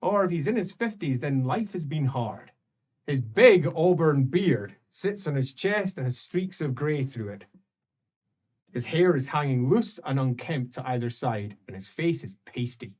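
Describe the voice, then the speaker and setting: A man serving as game master, narrating an improvised tabletop game with unhurried, descriptive narration. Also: mid-range voice, lively intonation, a little mellow.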